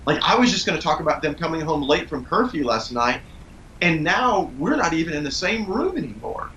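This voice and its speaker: Earnest man giving calm parenting advice. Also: fairly high pitch, brisk, highs cut off, a little hiss or hum. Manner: earnest, calm storytelling with steady explanation. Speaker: parenting guest. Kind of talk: conversational interview advice.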